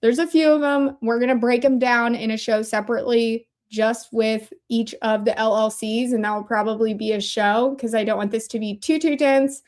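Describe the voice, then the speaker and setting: A woman hosts a casual livestream in a chatty, wandering manner and breaks off her own sentences to start again. Her voice sits a little higher than most women's. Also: fairly even intonation, normal speed, few pauses, a little mellow. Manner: chatty, rambling, self-interrupting. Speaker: livestream host.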